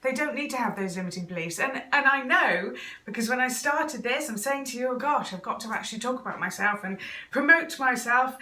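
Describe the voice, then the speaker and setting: A woman's voice: fairly high pitch, animated, brisk, sharp tone, roomy sound, recorded from a distance. A woman talking straight to camera as an intuitive coach, chatty and earnest, with little laughs and fillers. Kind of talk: casual direct-to-camera talk.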